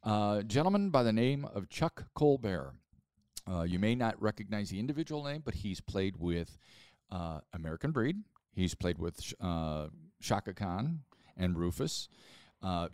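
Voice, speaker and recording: A man's voice: low-pitched, animated, a little slow, a little mellow, clear, resonant tone, dry recording, clean studio sound. A man who founded a museum, telling stories in a casual interview, recorded at the museum. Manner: chatty storyteller. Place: rock museum.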